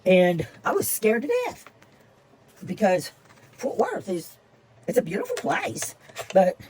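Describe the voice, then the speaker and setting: A woman's voice: fairly low pitch, creaky, darkish tone, slight background noise, rough recording. An older woman, chatting casually and rambling as she tells a story while she crafts at home. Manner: rambling, chatty, repeats herself. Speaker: paper-craft vlogger.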